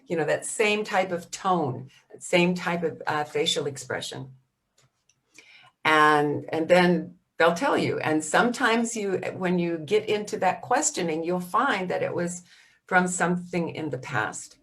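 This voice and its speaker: A woman dementia specialist answering workshop questions, hesitant with many ums and restarts, acting out gentle phrases for caregivers. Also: fairly low pitch, takes it slowly.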